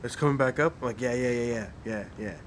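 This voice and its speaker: A man's voice: medium pitch, quick pace, slight background noise. A young man, a podcast guest, chatting casually with profane words and frequent laughter. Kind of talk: casual chat.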